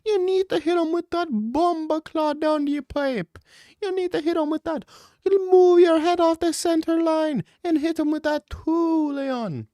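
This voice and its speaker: A man's voice: very high voice, normal speed, gravelly, no echo, clean studio sound, pitched above the performer's own voice. A man putting on the voice of a frantic corner coach who keeps barking urgent, repetitive instructions between rounds.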